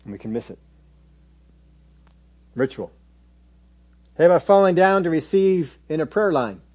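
Husky-voiced male preacher. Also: fairly high pitch, big pitch swings, a little slow, a little mellow, dull audio. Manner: conversational teaching, mimics churchgoers in quoted asides. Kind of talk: sermon.

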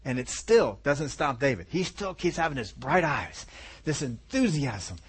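A man teaching a Bible lesson in a lively way, acting out the characters and dropping to soft asides. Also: medium pitch, measured pace, husky.

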